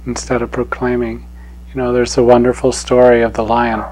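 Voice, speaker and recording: A man giving a spiritual talk as a teacher, telling a parable in an unhurried, gently chuckling way. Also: mid-range voice, monotone, a little hiss or hum, low-quality recording.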